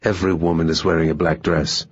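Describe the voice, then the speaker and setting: A man's voice: deep voice, little pitch movement, fast, breathy edge, dry recording, dull audio. A man voicing a playful, thrill-seeking young woman spy who talks in a teasing, half-mocking way.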